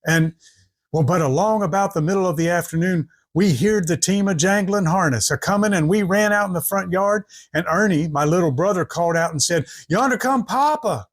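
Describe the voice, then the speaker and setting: A man's voice: high-pitched, brisk. A man, telling a folksy story in rural dialect and acting out each character's voice.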